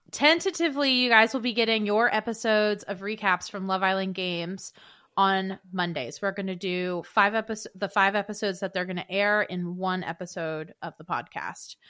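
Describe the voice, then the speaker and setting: A woman's voice: medium pitch, sharp tone. A young adult woman co-hosting a podcast from home, chatting casually, agreeing easily and laughing often. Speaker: podcast co-host. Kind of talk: casual chat.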